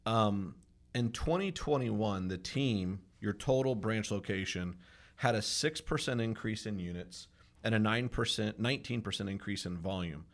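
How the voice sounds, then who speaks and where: Upbeat low-voiced male podcast host. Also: moderate pace. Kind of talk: casual podcast conversation.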